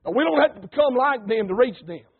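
A folksy preacher with a strikingly high, husky voice drives his sermon home, dropping to plain talk and then rising to loud calls. The sound comes over a thin, phone-like radio broadcast. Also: animated, quick pace. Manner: folksy, rousing, swings between quiet talk and shouting. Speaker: pastor.

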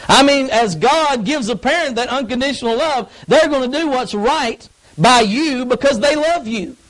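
High-voiced preacher. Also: male voice, moderate pace, fairly bright tone, rough recording. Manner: folksy, emphatic, acts out grumbling kids. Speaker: youth pastor. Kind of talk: sermon.

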